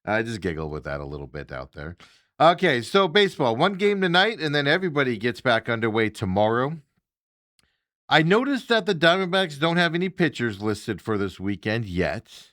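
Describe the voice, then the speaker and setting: A man's voice: medium pitch, sing-song, moderate pace, fairly bright tone, no room sound, studio quality. A man hosting a sports talk show, chatting in a loose, casual way with chuckling asides.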